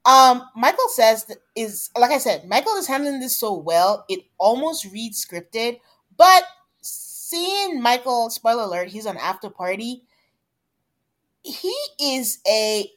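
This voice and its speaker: This is a woman co-hosting a casual podcast, recapping a reality dating show. Her voice sits a little on the high side, and she tells the story in a chatty, animated way, jumping into quoted asides as she goes. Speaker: podcast co-host.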